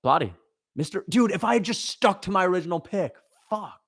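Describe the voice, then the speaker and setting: A man's voice: high voice, animated, fairly quick, fairly bright tone, dry recording, studio quality. A young man hosting a livestream, reacting and reading chat messages, frustrated and swearing, repeating himself as he vents.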